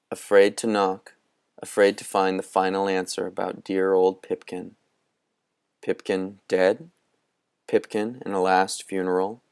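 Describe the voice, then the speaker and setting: A man narrating a storybook with a low, deep voice. He reads slowly and with measure, his tone smooth and clear throughout. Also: no echo, studio quality. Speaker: audiobook reader. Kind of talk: scripted narration.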